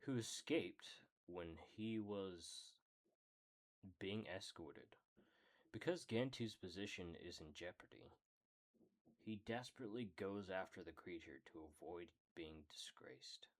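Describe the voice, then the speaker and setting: A man casually reading a character book aloud, often stumbling over words, correcting himself and apologizing. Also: sits low. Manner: slow, halting reading. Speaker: hobby reader of a character book. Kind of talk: casual read-aloud with asides.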